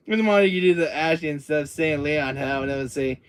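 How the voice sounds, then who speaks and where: A man's voice: a little high, normal speed, clear, resonant tone. A man hosting a gaming channel, chatting casually and animatedly about video games and laughing often.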